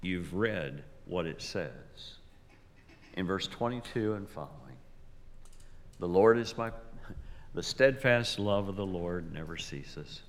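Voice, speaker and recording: A male pastor preaching a sermon, slow and deliberate, swinging from loud emphasis to near whispers. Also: low-pitched, animated. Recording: long reverb of a large hall.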